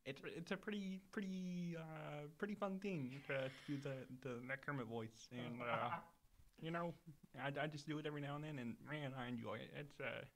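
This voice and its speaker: A man's voice: on the high side, a bit bright, slight background noise. Kermit, a man's impression of him, folksy and chummy. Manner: folksy, halting, says "I tell ya". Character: cheerful male frog puppet character. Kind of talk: comic impression in casual chat.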